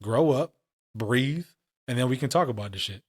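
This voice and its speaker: Telling stories full of profane street slang, a podcast co-host in his late twenties or thirties keeps things casual. He has a medium-pitched voice with lively intonation, a breathy edge, and a moderate pace, recorded in clean studio sound with no echo.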